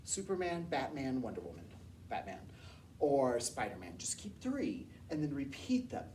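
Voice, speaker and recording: A woman music teacher, enthusiastic and lively, explaining and leading a workshop. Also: a bass voice, normal speed, far from the mic, slight background noise.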